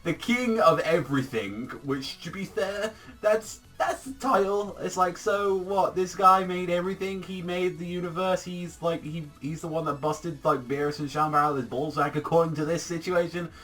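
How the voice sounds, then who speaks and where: A man giving a casual, rambling episode review, excitable and swearing constantly. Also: on the high side, normal speed, faint music behind. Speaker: anime reviewer.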